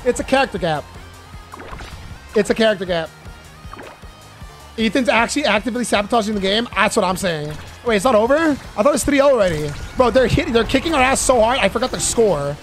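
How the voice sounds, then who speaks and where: A man doing live gameplay commentary, cursing and excitedly trash-talking his teammates. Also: sits high, fairly quick, faint music behind. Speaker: gaming YouTuber.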